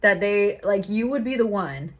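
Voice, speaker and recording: A woman's voice: mid-range voice, expressive, normal speed. A young woman giving a casual tarot reading to camera, chatty and laughing often, swearing casually. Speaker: tarot reader.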